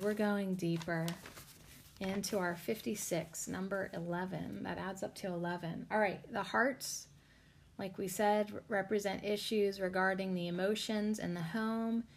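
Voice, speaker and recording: A woman hosting a podcast and reading cards, rambling casually with lots of filler words and spiritual talk, sounding tired and low on energy. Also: fairly even intonation, unhurried, creaky.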